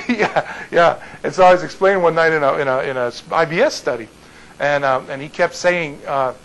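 A male pastor telling a story to his congregation in an animated way, often restarting and repeating words. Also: a little high, moderate pace, low-quality recording.

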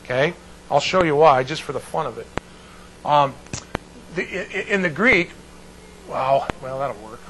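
Man teaching Bible to a small class, rambling with restarts, slightly high voice, faint noise behind. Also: animated, unhurried, long pauses, fairly bright tone, poor audio. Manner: digressive, restarts often, checks in with the class.

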